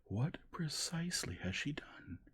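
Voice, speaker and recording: A man's voice: a little high, sing-song, measured pace, fairly bright tone, husky, voice pushed up, heavily acted. A man voicing a distressed noblewoman in a whispered role-play, urgent and imploring. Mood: distraught. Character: distressed pleading noblewoman, Dolly.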